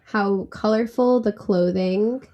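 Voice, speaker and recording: A woman being interviewed as a travel company founder, chatty and animated, laughing easily as she tells stories. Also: mid-range voice, slow pace, dull audio, a little hiss or hum. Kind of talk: casual interview.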